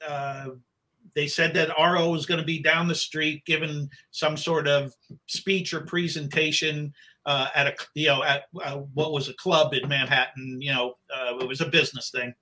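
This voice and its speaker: A middle-aged man tells a long story in a bright, slightly high voice. He rambles and often restarts his sentences, and he acts out what other people said. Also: steady tone, normal speed. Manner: rambling, with many restarts and acted-out quotes. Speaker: guest, book cover artist. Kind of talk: casual storytelling anecdote.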